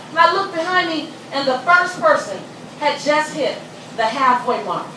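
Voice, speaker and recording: A middle-aged woman giving a live motivational speech, telling a story with animated energy and leading the audience in call-and-response chants. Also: normal speed. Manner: acts out quoted voices with sudden loud pitch jumps. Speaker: motivational speaker. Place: large hall with a live audience. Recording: echoey hall, distant mic, audience noise.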